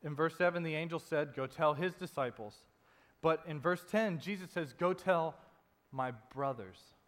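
A man preaching a sermon in a conversational way, dropping soft and low to stress a point. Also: normal speed. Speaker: pastor. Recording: long reverb in a hall.

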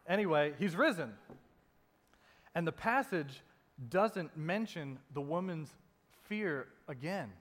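A man's voice: expressive, measured pace. Man preaching in a reverberant hall. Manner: conversational preaching, drops soft and low for emphasis. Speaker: pastor. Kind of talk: sermon.

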